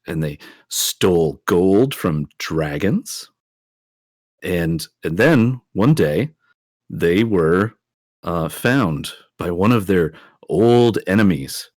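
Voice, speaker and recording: A man playing his character in a tabletop game, relaxed and storytelling. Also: low voice, slow pace, no echo, studio quality. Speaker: player. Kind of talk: tabletop role-play.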